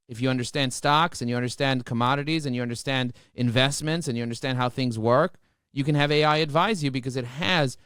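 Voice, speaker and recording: A man talking as a podcast guest, emphatic and motivational, often repeating words as he rushes ahead. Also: on the high side, no echo, clean studio sound. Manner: repeats words when excited. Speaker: podcast guest, marketing expert. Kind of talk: energetic podcast interview.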